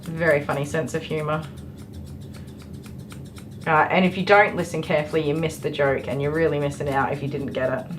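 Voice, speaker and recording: A woman's voice: deep voice, steady tone, fairly quick, long pauses, music in the background, rough recording. A middle-aged woman, a dog groomer, chatting on a live stream while she works, with lots of ums and laughs. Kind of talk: casual chat while working. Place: grooming salon, indoors.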